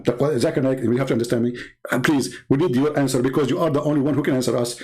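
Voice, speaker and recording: A man's voice: medium pitch, steady tone, racing, a little mellow. A man from the Middle East whose first language is Arabic, speaking as a Christian apologist in combative, sarcastic polemic talk that hammers home the same points.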